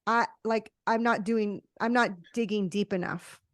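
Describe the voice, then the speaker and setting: Woman host, encouraging and conversational, mid pitch, dry close recording. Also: fairly even intonation, measured pace, dry recording. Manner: encouraging, many short affirmations. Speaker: podcast host. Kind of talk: casual conversational interview.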